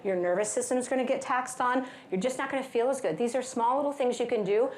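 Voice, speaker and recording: A woman with a fairly high voice speaks to a live conference crowd, upbeat and playful as she leads stretches and breathing. Her voice rings around a large echoey hall with a faint hum of ambience. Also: fast. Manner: energetic, upbeat, playful asides with laughs. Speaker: wellness speaker. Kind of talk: live conference talk leading movement and breathing.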